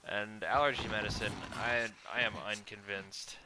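A man's voice: fairly low pitch, fairly even intonation, normal speed, background noise. Congested man chatting over gameplay. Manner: chatty, thinking aloud while playing. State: congested from allergies. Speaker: let's play gamer. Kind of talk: casual gameplay commentary.

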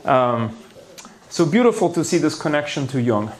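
Speaking at a normal speed in a slightly high, very animated voice, a neuroscience lecturer gives a conference talk on the brain. Before an audience in a conference hall, he plays it theatrical and playful, with gasps, asides and little jokes.

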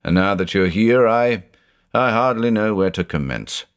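A man's voice: on the low side, lively intonation, moderate pace, smooth, natural voice. A man voicing a tormented older male judge who is brooding and anguished and says he is haunted by thoughts of murder.

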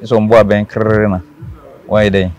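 A man's voice: on the low side, little pitch movement, normal speed, a little mellow. Earnest Ghanaian man recounting an ordeal. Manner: earnest, repeats phrases for emphasis. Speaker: interview guest. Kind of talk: telling a personal story.

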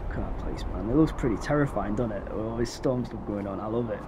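A young man giving casual let's-play commentary, chatty and slangy with excitable bursts. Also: fairly low pitch, fast talker, background noise. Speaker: gameplay commentator.

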